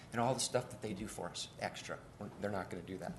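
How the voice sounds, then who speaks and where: A man, an airport official, giving halting testimony full of restarts at a city committee meeting in a council chamber. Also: fairly low pitch, a little hiss or hum. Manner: halting, with many restarts and repeated words.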